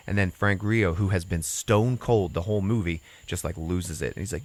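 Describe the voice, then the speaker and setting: A man's voice: low-pitched, steady tone, fast talker, hardly any pauses. A man hosting a podcast, casually retelling a story with rambling asides and acted-out quotes. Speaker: podcast host. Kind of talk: casual chat.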